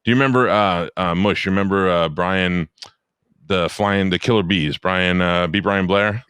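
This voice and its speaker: A man's voice: sits low, fairly even intonation, moderate pace, a bit bright, clean tone, dry recording. A middle-aged man co-hosting a podcast, bantering bluntly and profanely in casual chat. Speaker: podcast co-host.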